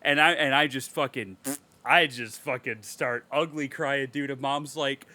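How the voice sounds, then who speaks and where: A podcast co-host with a mid-range voice talks at normal speed on a dry recording, swearing heavily as he chats casually. He's animated and tells emotional stories.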